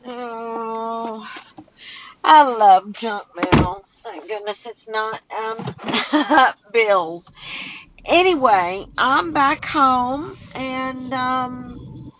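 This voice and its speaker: A woman vlogging casually while walking home outdoors, talking in a slow, halting way that turns emotional. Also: on the high side, a bit bright. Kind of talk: casual vlog talk. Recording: dull phone audio with faint outdoor noise.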